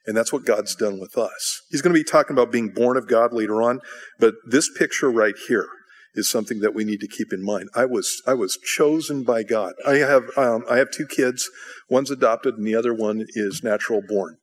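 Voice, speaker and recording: A man's voice: medium pitch, normal speed. Male pastor, middle-aged, casual sermon, repeats himself, storytelling. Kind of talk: conversational sermon teaching.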